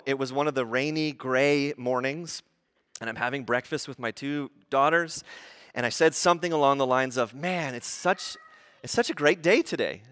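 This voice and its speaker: A man in his thirties preaching a sermon, animated and acting out grumbling voices as he teaches. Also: a little high, clean tone. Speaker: pastor.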